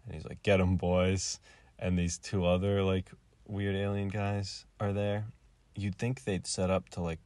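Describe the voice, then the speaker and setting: A man with a low voice rambles through a casual recap, leaning on filler words. The sound is dry and close, with no room around it. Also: darkish tone, no echo. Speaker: video reviewer.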